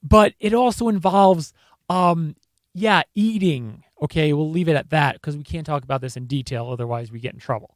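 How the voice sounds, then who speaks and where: A male host talks through a casual video commentary in a noticeably high voice. He is animated, with mocking asides, and the sound is dry, with no room around it. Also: moderate pace, no echo.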